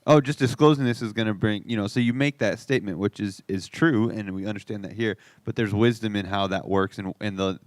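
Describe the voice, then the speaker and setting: A man's voice: fairly low pitch, brisk, hardly any pauses, dry recording. A man co-hosting an unscripted faith podcast, speaking thoughtfully and reflectively. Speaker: podcast co-host.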